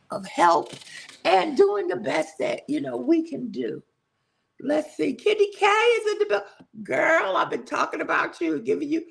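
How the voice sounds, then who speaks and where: A woman in her sixties hosts a relaxed livestream chat. Her voice sits high and carries a heavy gravelly fry. She talks slowly, laughs often and swings her pitch widely as she thanks her viewers. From southern United States. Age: 60s. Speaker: livestream host. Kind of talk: casual live chat greeting viewers.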